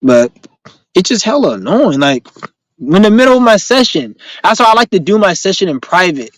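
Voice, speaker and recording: A man with a somewhat high voice rambles through a casual live-stream chat, heavy on profane street slang. He tells his stories with animation, and his voice is recorded close and dry, with no room sound. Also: normal speed, dry recording, poor audio. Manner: animated storytelling. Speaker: live stream host answering viewer questions.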